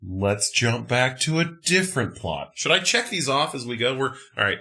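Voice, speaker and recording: A man in a loose podcast conversation, his voice bright and forward. He rants about a movie with animated, profane exasperation, jumping between laughing disbelief and mock outrage. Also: mid-range voice, moderate pace. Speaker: podcast host. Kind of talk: casual movie chat.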